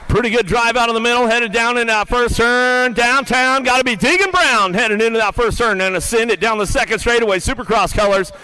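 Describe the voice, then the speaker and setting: A man calling live BMX races play-by-play, rattling off riders' names and positions, then dropping lower and quieter to read results and lineups. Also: brisk, few pauses, clean tone, rough recording. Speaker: race announcer. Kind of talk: live BMX race commentary.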